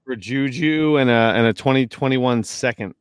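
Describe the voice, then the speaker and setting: A man chatting casually as a podcast host, telling a story in an excitable, profane way and often trailing off mid-sentence. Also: medium pitch, moderate pace, smooth, dry recording. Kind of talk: casual chat. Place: at home.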